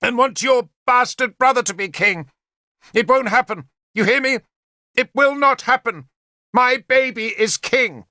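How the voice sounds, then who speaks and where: A man's voice: extremely high pitch, a little slow, hardly any pauses, fairly bright tone, no echo, studio quality, voice pushed up. A male narrator voicing a hysterical young queen mother who screams and weeps with spite.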